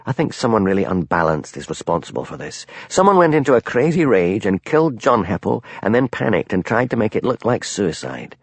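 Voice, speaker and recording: A shrewd village policeman, as a man reads him, calm and probing, with a low voice. Recorded dry and close, like a storybook reading. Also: fairly quick, few pauses, husky, no room sound, heavily acted.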